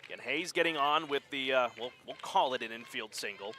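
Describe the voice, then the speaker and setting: A man calling a high school softball game play-by-play, getting quick and excited during close plays. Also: noisy background. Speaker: play-by-play announcer. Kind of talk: live sports commentary.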